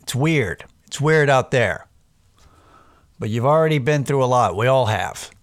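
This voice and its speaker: A man's voice: medium pitch, expressive, a little slow, no room sound. A man talks straight into a close mic in a dry, dead room. He speaks in a middle register, rambling and self-deprecating, swearing freely as he wanders off topic and back while coaching listeners through a sobriety pep talk. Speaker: podcast host.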